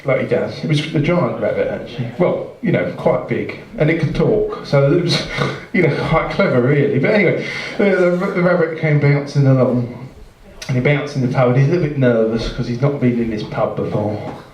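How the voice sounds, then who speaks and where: A man's voice: mid-range voice, darkish tone. Rambling man telling a joke. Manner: digressive, halting, self-mocking. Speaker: musician telling a joke between sets. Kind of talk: rambling live shaggy-dog joke. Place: jazz club stage, indoors. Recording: distant, roomy, dull live club recording.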